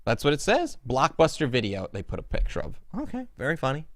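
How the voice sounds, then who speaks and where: A man hosting a podcast in casual chat, excitable and mocking, laughing often. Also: mid-range voice, fast talker, no echo, studio quality. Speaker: podcast host. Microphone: podcast mic with cord.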